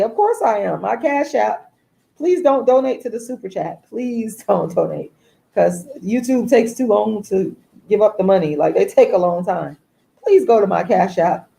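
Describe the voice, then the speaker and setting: A woman, hosting a live stream and venting in a deliberate, emphatic way, repeating herself. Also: medium pitch, warm tone, low-quality recording. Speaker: livestream host.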